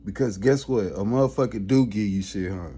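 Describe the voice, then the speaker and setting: A man's voice: lowish voice, brisk, mellow, husky. A man in a casual, skeptical rant, swearing often and talking with emphasis.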